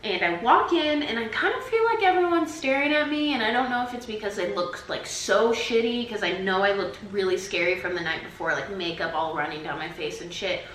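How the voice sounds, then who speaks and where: A woman's voice: medium pitch, fairly quick, hardly any pauses, a bit bright, roomy sound, slight background noise, poor audio. A woman in her twenties vlogging to her camera, telling stories in a chatty way full of "like". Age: 20s. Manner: chatty, peppered with "like". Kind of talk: casual storytelling to camera. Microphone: camera mic.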